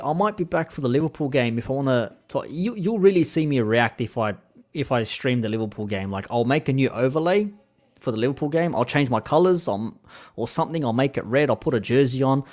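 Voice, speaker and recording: A man with an Australian accent chats casually on a live stream, relaxed and rambling with plenty of fillers. His voice is medium-pitched and brisk.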